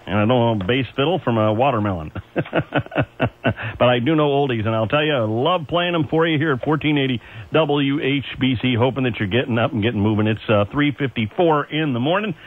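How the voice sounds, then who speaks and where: A man's voice: mid-range voice, brisk. Chatty AM radio DJ man, tinny. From Ohio. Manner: chatty and folksy, with chuckles and asides. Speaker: overnight radio DJ. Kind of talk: casual on-air oldies patter. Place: radio studio. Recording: tinny AM radio aircheck with faint music.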